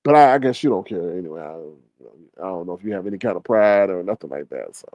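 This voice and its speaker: A man's voice: low-pitched, expressive, quick pace, a little mellow, no room sound. A man hosting a livestream, chatting casually and gossiping in a sassy way while reading the chat. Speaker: livestream host.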